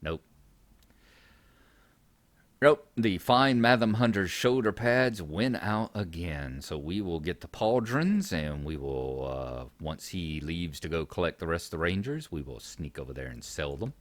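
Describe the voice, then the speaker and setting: Low, lively male game commentator. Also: a little slow, no room sound. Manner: reads quest text aloud, chatty asides. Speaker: gaming channel host. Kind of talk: casual gameplay commentary.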